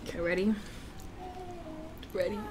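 A woman hosting her own eating vlog, talking slowly and unhurriedly to her viewers. She is nervous and giggly and keeps tripping over her words. A faint hiss sits under her voice. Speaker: mukbang vlogger. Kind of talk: casual chat to camera.

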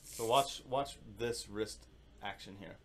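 A man teaching percussion in a casual, relaxed way, thinking aloud and singing rhythms with syllables. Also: on the low side, slow, heavy background noise. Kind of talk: casual instructional demonstration.

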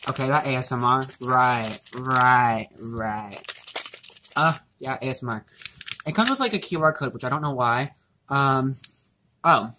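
A man's voice: mid-range voice, unhurried, noisy background. A young man chatting casually in his home kitchen while baking for his vlog, rambling and self-mocking, with lots of fillers and swearing. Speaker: vlogger.

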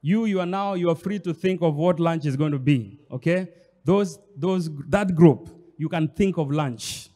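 A man from Kenya preaches as pastor, his fairly high, mellow voice moving at a moderate pace. Emphatic and repetitive, he addresses the congregation directly, and the church hall gives the sound a long reverb.

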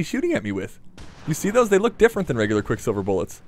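A man's voice: a little high, huge pitch swings, very fast. A man commentating his own gameplay in a playful, casual way, chatting to the enemies and swearing now and then. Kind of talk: let's play commentary.

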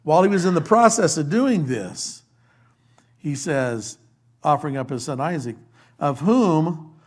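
A man, an older pastor, preaching a conversational verse-by-verse sermon, folksy and animated, acting out quoted lines and dropping into quiet asides. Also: on the high side, moderate pace, slightly rough.

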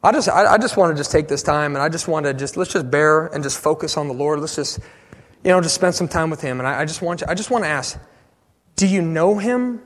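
A man preaching a sermon as pastor, passionate, swinging from loud bursts to hushed pleas. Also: on the high side, fast talker, long reverb tail. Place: church sanctuary.

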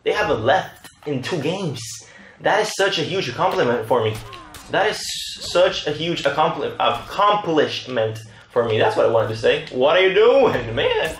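A man casually commentating his own gameplay, excitable and rambling, trash-talking his opponents. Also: a little high, normal speed, echoey room. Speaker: gaming channel host.

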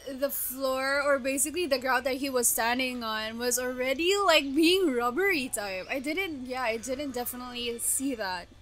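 A young woman reacting to an anime episode, gasping, laughing and exclaiming in bursts of excitement. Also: high-pitched, moderate pace, few pauses.

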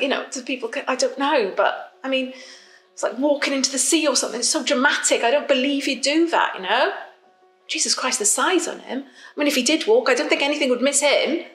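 Brief: a fed-up wife in lockdown, rambling confessional monologue, slightly high voice, roomy echo. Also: female voice, fairly bright tone. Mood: bitter. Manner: rambling, confiding, apologetic. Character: fed-up woman stuck in lockdown with her partner.

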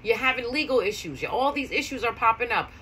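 A woman's voice: on the high side, animated, fast talker, pushed and bright, a little hiss or hum, poor audio. A woman talking casually to viewers, telling stories in a chatty way and repeating key phrases for emphasis. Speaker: spiritual vlogger. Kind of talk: casual storytelling monologue.

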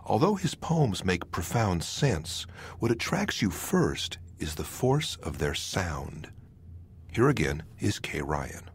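Male narrator, deep husky voice, lively intonation, scripted lesson. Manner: measured, explanatory.

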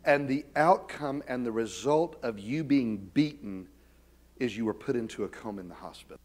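This is a middle-aged man giving a sermon as a pastor, poking fun at himself along the way. His medium-pitched voice is expressive at a moderate pace, shifting between hushed asides and loud, emphatic appeals.

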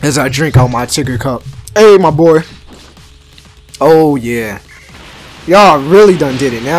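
A young man giving excited, slangy let's-play commentary and talking back to the game. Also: fairly high pitch, unhurried, long pauses, faint music behind. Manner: hyped, slangy, talks back to the game, many restarts. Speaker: gaming YouTuber.

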